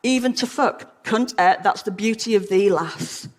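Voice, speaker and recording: A woman reading a blunt, tender male gamekeeper in old-fashioned dialect, lower than her usual voice. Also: measured pace, in a large hall, natural voice. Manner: old-fashioned dialect speech, read aloud.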